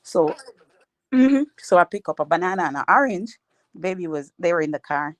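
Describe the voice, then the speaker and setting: A woman's voice: fairly low pitch, animated, normal speed. A woman in her thirties, a mother, retelling an everyday story in a plain, matter-of-fact way with simple, grammar. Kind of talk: casual storytelling.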